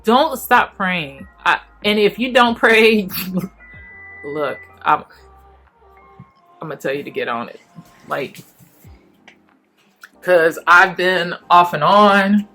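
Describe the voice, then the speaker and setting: A woman, sharing an emotional faith testimony at home while packing, fast in bursts and then soft. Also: lowish voice, lively intonation, faint music behind. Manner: earnest, emotional, talks fast in bursts and then goes quiet. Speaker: faith vlogger. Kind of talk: personal testimony vlog.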